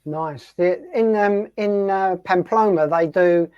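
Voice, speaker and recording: A man hosting a radio show, asking a guest questions in an easygoing, halting way. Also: high voice, clean tone, dry recording. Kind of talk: casual interview chat. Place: home on the coast in southern Spain. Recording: dry, dull lo-fi sound.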